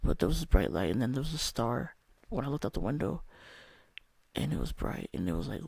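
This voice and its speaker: A man's voice: medium pitch, sing-song, brisk, creaky, a little mellow, husky, no room sound. A young man telling a candid, rambling personal story about a spiritual experience, swearing often. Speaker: vlogger.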